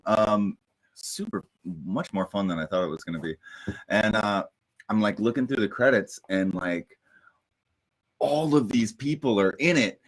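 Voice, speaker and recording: A laid-back man hosts a relaxed chat. He mostly agrees along in short, easy replies, and his voice sits a little low. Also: measured pace, low-quality recording. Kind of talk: casual chat.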